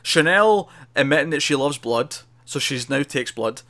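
A man's voice: medium pitch, moderate pace. Chatty man co-hosting a TV review. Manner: animated retelling, laughs often. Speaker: TV review podcast co-host. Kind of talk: casual recap and review chat.

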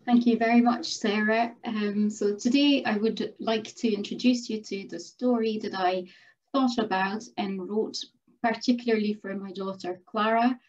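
A middle-aged woman from Quebec, narrating a rhyming story at a live event in a slow, gentle way. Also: medium pitch, fairly even intonation. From Quebec, Canada. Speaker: storyteller and scientist. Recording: dull lo-fi recording.

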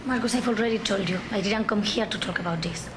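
A woman's voice: medium pitch, fast talker, lightly acted. An actress playing a hurt young woman who speaks coldly and accusingly. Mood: bitter. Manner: cold, accusing. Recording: noisy TV drama sound.

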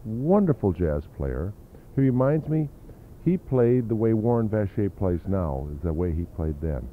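Low-voiced older man reminiscing on tinny tape. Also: sing-song, measured pace, a little hiss or hum. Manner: rambling anecdotal storytelling with fillers. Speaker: interview guest, drummer. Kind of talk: reminiscing interview.

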